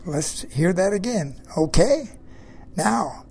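A male preacher delivers a sermon at an unhurried pace, his voice carrying a gravelly grain. He leans hard on key phrases, repeating them, and keeps pressing his listeners with questions. Underneath it all is a husky edge. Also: sits high, animated, darkish tone.

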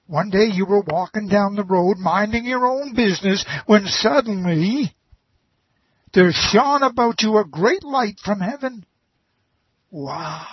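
Slow, husky-voiced folksy preacher. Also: male voice, high voice, dry recording, muffled recording. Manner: slow and drawn-out, with folksy asides. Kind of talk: folksy sermon.

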